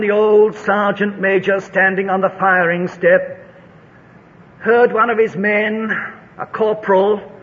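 A man preaching a sermon, reading scripture and telling stories with dramatic, rising delivery. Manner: dramatic, rising to high shouts in a told story. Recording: dull lo-fi recording in a large reverberant hall.

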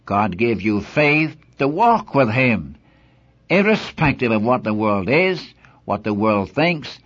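Earnest older man preaching, husky and lo-fi. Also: fairly low pitch. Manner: earnest, emphatic, repeating key verses. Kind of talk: radio Bible teaching sermon. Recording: dull lo-fi old recording.

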